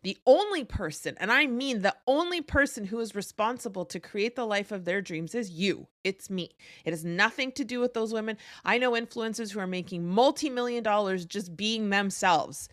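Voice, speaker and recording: A woman's voice: mid-range voice, expressive, moderate pace, few pauses, no echo, studio quality. Blunt, profane woman podcast host. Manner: blunt, profane, emphatic coaching. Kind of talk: motivational podcast monologue.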